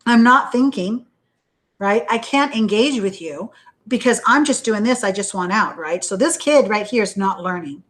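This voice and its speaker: Chatty woman lecturing, "right?" every line. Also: mid-range voice. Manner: conversational, checks in with "right?" constantly; acts out panicked inner voices. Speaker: university lecturer. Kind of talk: recorded lecture.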